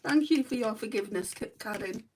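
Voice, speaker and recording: A woman's voice: fairly high pitch, expressive, brisk, a little mellow, a little hiss or hum. Chatty woman, slightly off-mic. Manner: chatty, answers viewer comments one by one. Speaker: makeup livestream host. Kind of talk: casual live chat while doing makeup. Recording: voice a bit distant from the mic.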